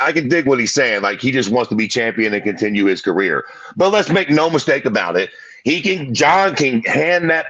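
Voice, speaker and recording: A man's voice: mid-range voice, a bit bright, no room sound, dull audio. A man co-hosting a sports podcast, ranting emphatically and cursing freely in casual chat. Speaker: podcast co-host.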